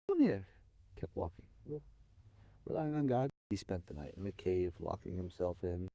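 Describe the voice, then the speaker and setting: A man recounting a folk tale with a lively, rising-and-falling delivery. His voice is lowish and mellow, and it sits close and dry with no room sound. He leans hard on some phrases and lets others fall almost to a murmur. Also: normal speed, dry recording. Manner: expressive, swings from soft to emphatic. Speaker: storyteller. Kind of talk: dramatic oral storytelling.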